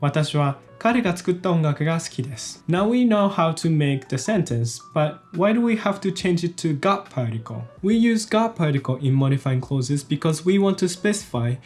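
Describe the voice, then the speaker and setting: Man, language teacher, fairly high, lively intonation, step-by-step explaining. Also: fairly quick, few pauses, faint music behind. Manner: explains step by step, repeats each example sentence twice. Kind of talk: explanatory video lesson.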